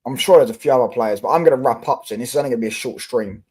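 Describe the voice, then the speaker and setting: A man's voice: medium pitch, racing, darkish tone, slightly rough. A young man from London with a London accent, hosting a casual football livestream and answering his chat in slangy, swearing talk.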